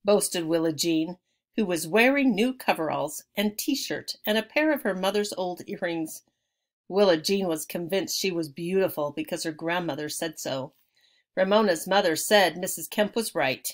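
A woman's voice: on the low side, animated, normal speed. A woman reading a children's chapter book aloud, telling it expressively and lingering on key words. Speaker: audiobook reader.

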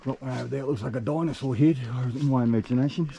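A travel vlogger walks outdoors among rocks, chatting enthusiastically and casually straight to his viewers. His mid-range voice is gravelly and mellow and comes very fast. The recording has its highs cut off and slight background noise.

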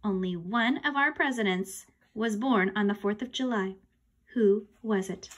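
A woman voicing an excitable grown man hosting a school quiz, announcing in a bouncy way. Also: mid-range voice, a little slow, lightly acted. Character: excitable adult male quiz host.

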